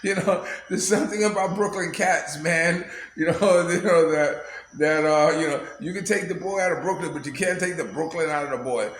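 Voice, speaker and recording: This vlog is a casual storytelling monologue in which a man rambles, laughs frequently, and keeps saying "you know." He speaks at a moderate pace in a slightly high voice, recorded in an echoey room with faint background noise.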